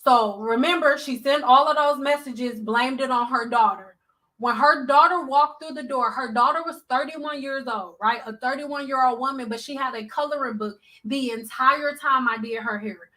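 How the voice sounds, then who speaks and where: A woman hairstylist telling a blunt, animated storytime, acting out the people she quotes. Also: high-pitched, moderate pace, low-quality recording. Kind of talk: storytime vlog.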